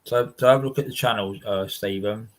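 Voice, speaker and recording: A man's voice: lowish voice, a little fast. A man with a London accent hosting a casual livestream chat from home, rambling and repeating himself. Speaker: livestream host.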